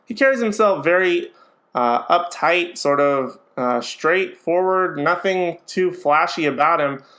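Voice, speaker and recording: Reviewing a movie in a relaxed, loose style, this man speaks unhurriedly in a fairly high, somewhat bright voice. Though opinionated, he hedges a lot, with plenty of ums and restarts while sorting out his thoughts.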